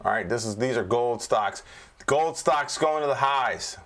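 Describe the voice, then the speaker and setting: A man's voice: mid-range voice, a little slow, a bit bright. Chatty, joking male trading coach. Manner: chatty and joking, keeps checking in with "all right?". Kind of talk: casual screen-share market review.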